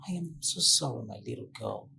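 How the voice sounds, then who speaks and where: A woman's voice: very deep voice, a little fast, gravelly, a little hiss or hum, exaggerated voice. An actress playing a motherly woman who comforts a young girl firmly, with a Nigerian English accent. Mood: comforting. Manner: firm but comforting, animated.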